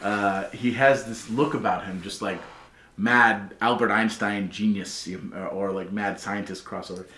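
A man narrating a tabletop game as game master, casual and loose, full of "like" and quick laughs. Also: lowish voice, fairly even intonation, sharp tone, a little hiss or hum. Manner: casual, lots of "like", laughs often. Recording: roomy echo.

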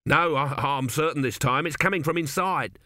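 A man voicing an excitable male pyramid builder who stammers and repeats words as he talks. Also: fairly high pitch, moderate pace, no echo, voice pushed up. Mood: excited.

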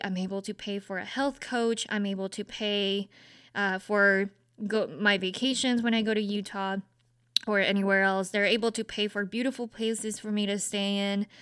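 A woman's voice: mid-range voice, fairly bright tone, clean tone, no echo, clean studio sound. A young woman hosting a podcast, talking through her thoughts in an earnest, self-searching way with lots of casual fillers. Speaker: podcast host. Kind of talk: casual reflective monologue.

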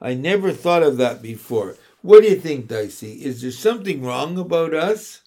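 A man's voice: on the high side, very animated, moderate pace, darkish tone. A man reading aloud voices James, a thoughtful young boy who asks earnest questions.

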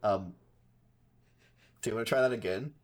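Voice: mid-range voice, normal speed. A tabletop game player speaking hesitantly and sheepishly, stumbling over words. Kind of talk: casual tabletop game chat.

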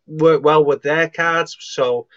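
A man, a guest psychic medium on a video call, talking in a rambling, halting way with many restarts. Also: fairly high pitch, fairly even intonation, a bit bright, no room sound, highs cut off. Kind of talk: casual live-stream chat.

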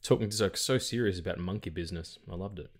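On a podcast, a co-host with a fairly low voice chats loosely about films. He talks fast, rambles, keeps restarting sentences and swears freely, growing more animated as he goes.

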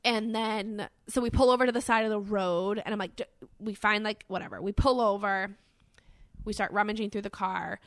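A woman's voice: medium pitch, steady tone, normal speed, dry recording. Lady rambling thru a story on a podcast, lots of likes and ums, super dry sound. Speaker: podcast co-host. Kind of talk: casual chat.

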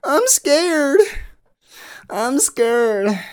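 A man's voice: extremely high pitch, big pitch swings, extremely slow, pitched above the performer's own voice, heavily acted. Man doing a frightened whiny listener. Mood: scared. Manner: pleading, repeating himself.

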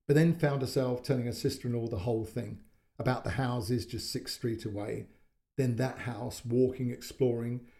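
Gravelly male storyteller. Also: mid-range voice, warm tone. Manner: measured, descriptive. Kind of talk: scripted story narration.

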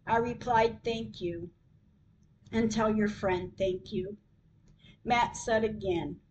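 An older woman hosting a podcast, reading a personal story aloud in a slow, measured way. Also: mid-range voice, darkish tone, highs cut off. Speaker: podcast host.

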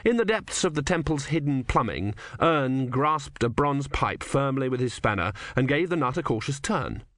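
A man reading an audiobook in a measured, wry storytelling manner. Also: mid-range voice, big pitch swings, a bit bright, no echo, studio quality. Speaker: audiobook narrator. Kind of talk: scripted narration.

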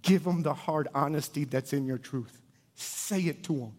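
A pastor in his thirties with a slightly high voice preaches with lively swings, booming one moment and dropping low and quiet the next. He talks like a storyteller who leans hard into each point. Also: moderate pace. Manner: animated storyteller, swinging from loud bursts to soft, low emphasis. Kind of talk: sermon.

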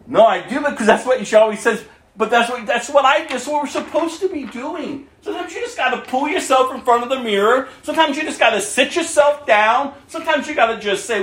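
A male pastor preaching with a fairly high voice, earnest and warm, often chuckling between points. He reads scripture aloud to his church. The sound rings in a reverberant room. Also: sing-song, moderate pace. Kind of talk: sermon.

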